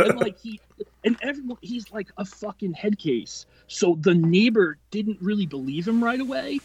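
A high-pitched man in his late twenties with a breathy edge, recorded dry, tells a long, profane story as a podcast guest. He rambles and keeps restarting, and his delivery is quick-tempered, casual storytelling.

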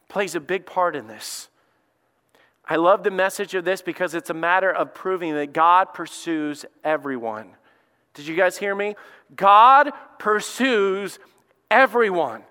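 High, bright-voiced pastor preaching emphatically. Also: male voice, clear, resonant tone, long reverb tail. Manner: emphatic, conversational preaching with repeated phrases. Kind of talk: sermon.

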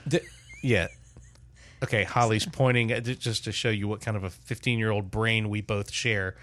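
An older man in casual chat, telling a lively family story as podcast host. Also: fairly low pitch, moderate pace. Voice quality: animated storyteller, loud put-on shouts in quotes.

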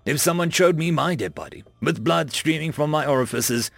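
A man's voice: on the high side, moderate pace, gravelly, no room sound, faint music behind. A man narrating a first-person science fiction story in a wry, conversational way, close to the mic. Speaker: audiobook narrator.

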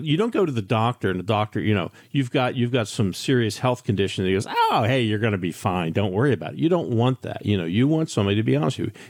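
A man's voice: on the low side, a little mellow, no room sound. Candid older man, dry radio mic. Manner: candid storytelling, many restarts. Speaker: financial advisor radio host. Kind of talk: radio talk monologue.

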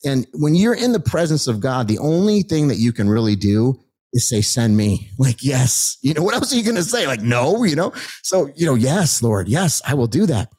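Excited middle-aged man telling his story. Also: mid-range voice, moderate pace, breathy edge. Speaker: guest telling his testimony. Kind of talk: animated storytelling.

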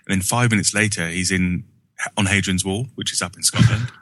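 A man co-hosting a gaming podcast, talking in an excitable, rambling and jokey way. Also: low-pitched, brisk. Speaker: podcast co-host. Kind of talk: casual chat.

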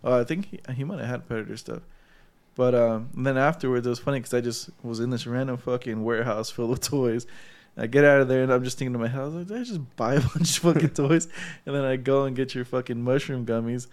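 A man's voice: medium pitch, fast, darkish tone. A man on a podcast, casually telling a story with heavy swearing and frequent laughs. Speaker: podcast co-host. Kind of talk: casual chat.

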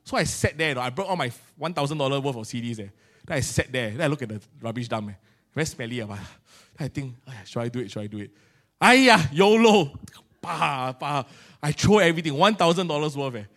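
A middle-aged man with a Singaporean English accent preaching a sermon in a colloquial, animated way, acting out little scenes. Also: mid-range voice, quick pace. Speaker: pastor.

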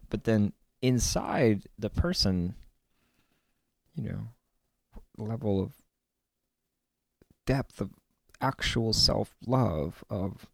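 A man giving a meandering, reflective spiritual monologue about a card reading, musing aloud with many pauses and the odd whispered aside, speaking from his own land. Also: fairly low pitch, expressive, gravelly, no echo, studio quality. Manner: meandering and musing, with many fillers and stretched-out words.

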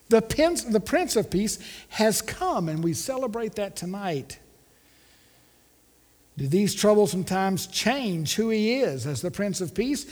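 A male pastor delivers a Christmas sermon in an unhurried, deliberate rhythm. His voice sits high and rings out in a church sanctuary with a long reverb tail. He builds with rhetorical questions and draws the congregation into repeating lines with him. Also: darkish tone. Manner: rhetorical questions, leads congregation call-and-response.

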